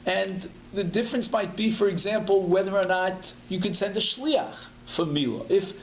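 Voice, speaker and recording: A man's voice: high voice, normal speed, echoey room, dull audio, a little hiss or hum. A man, a rabbi giving a conversational Talmud class, explaining step by step and restating each term in plain English. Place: community synagogue hall.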